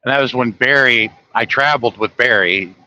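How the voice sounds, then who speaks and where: A middle-aged man from the United States casually telling anecdotes, chuckling often and getting animated when he quotes other people. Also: medium pitch, normal speed, no echo, low-quality recording. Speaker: trucker telling stories. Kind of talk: casual storytelling monologue.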